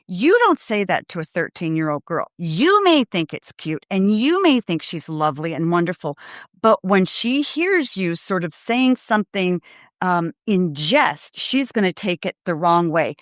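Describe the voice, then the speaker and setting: A middle-aged woman with a fairly low voice hosts a parenting show. She speaks earnestly and emphatically, addressing parents directly. The sound is close and dry, with no room around it. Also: animated, unhurried, no room sound. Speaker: parenting podcast host. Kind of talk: live Q&A advice talk.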